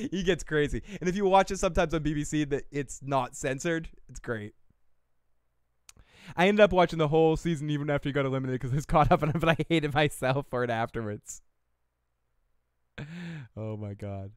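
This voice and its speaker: Brief: male streamer host, loose and profane, smooth clear voice on the higher side. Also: fairly quick, pauses often, no room sound, clean studio sound. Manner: profane and rambling, laughing often. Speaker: show host. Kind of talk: casual livestream chat. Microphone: desk mic.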